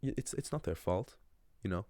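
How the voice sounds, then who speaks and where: This casual monologue to camera comes from a young Irish language channel host who rambles, fills gaps, and restarts a lot. He talks fairly quickly in a low, expressive, mellow voice, captured in a dry recording.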